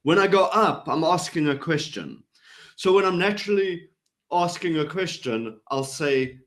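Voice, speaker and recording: A man with a slightly high voice explains how to read people, bouncing his pitch up and down to show what he means. He talks over a video call. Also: a little slow. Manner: animated, demonstrates vocal inflection up and down. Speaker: body language trainer. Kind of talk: explanatory interview talk.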